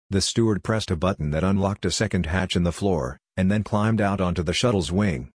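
A man reads a story aloud in a steady, plain manner. His voice sits low and husky, recorded close and dry. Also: a little fast, hardly any pauses, no echo. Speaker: audiobook narrator. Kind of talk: scripted narration.

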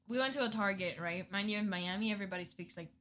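A young woman chatting casually, an animated storyteller who acts out what people said. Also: medium pitch, fast talker, a little hiss or hum. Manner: animated storyteller, acting out quotes. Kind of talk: casual chat.

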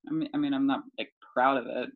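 A woman's voice: extremely low pitch, fairly even intonation, fast, gravelly, phone-quality sound. A woman co-hosting a podcast in casual chat, playful and giggly, reading out odd news items. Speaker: podcast co-host.

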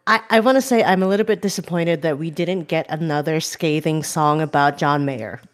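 A woman co-hosting a podcast in casual chat, bantering with quick jokes and frequent swearing. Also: sits low. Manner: laughing, profane, quick banter. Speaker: podcast co-host.

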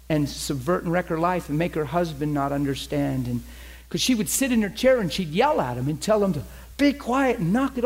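A middle-aged man preaching a sermon, telling a story with lively quoted voices. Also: high-pitched. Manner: animated storyteller who acts out the people he quotes.

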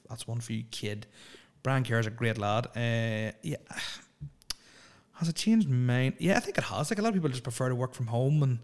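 Young lad, mid-pitched, hosting a loose solo podcast full of swearing and jokes. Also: male voice, darkish tone. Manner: rambling, profane and jokey. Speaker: podcast host. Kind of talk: casual solo podcast chat.

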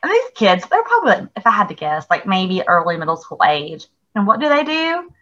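Middle-aged woman podcast co-host, bright tense voice, lively frank storytelling, muffled recording. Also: mid-range voice, brisk, slight background noise. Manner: animated storytelling, swears freely, laughs often. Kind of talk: casual chat.

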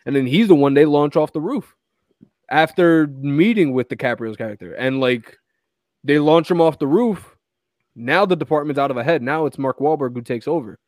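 A man's voice: fairly high pitch, moderate pace, a little mellow, no echo. A man co-hosting a podcast, chatting casually about a movie, swearing a lot, acting out quotes and laughing often. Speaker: podcast co-host.

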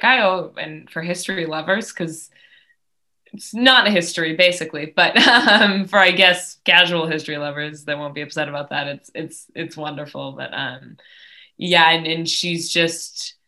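A woman's voice: fairly low pitch, moderate pace, sharp tone. A young woman as a podcast guest, chatting casually and enthusiastically with many fillers. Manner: enthusiastic, laughing, filler-heavy. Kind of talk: casual chat.

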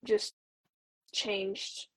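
A woman's voice: drawn-out words, fairly bright tone, no echo, rough recording. A woman in her twenties, a returned missionary, earnestly telling a personal story as an interview guest, with lots of "like" fillers. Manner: earnest, talks with frequent "like" fillers.

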